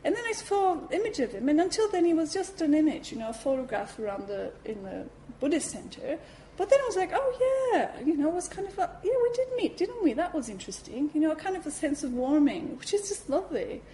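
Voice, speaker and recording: A woman giving a talk at a Buddhist centre, telling a personal story in a lively way, acting out her reactions and saying "you know" often. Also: high-pitched, fast, slight background noise, low-quality recording.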